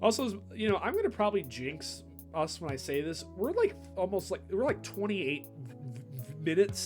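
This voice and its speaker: A man's voice: high voice, sing-song. A young man hosting casual game commentary, rambling with lots of fillers and restarts. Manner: rambling, many fillers and restarts, does quick impressions. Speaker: video host. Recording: background music over the voice.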